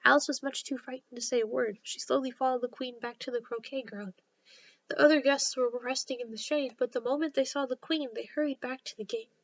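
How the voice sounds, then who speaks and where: A woman storyteller narrating a classic children's book in a gentle, steady read-aloud style. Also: high-pitched, a little fast, dull audio.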